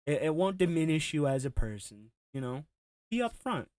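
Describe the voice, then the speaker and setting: A man's voice: on the high side, lively intonation, a little fast, darkish tone, smooth, no echo. A man hosting a reaction commentary show, talking bluntly and mockingly with plenty of swearing. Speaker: commentary host.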